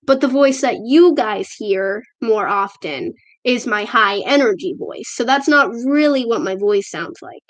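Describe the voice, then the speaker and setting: A woman's voice: on the high side, lively intonation, a little slow, hardly any pauses. A female vlogger chatting casually on a livestream, reading viewer comments in a self-deprecating way, recorded on a tablet at home. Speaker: livestream host. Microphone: tablet camera microphone.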